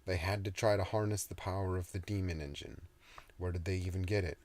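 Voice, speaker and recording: A man's voice: low voice, steady tone, a little fast, natural voice. A man doing a brash, fiery woman captain. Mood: angry. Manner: loud, cursing. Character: brash young woman ship captain, hot-tempered.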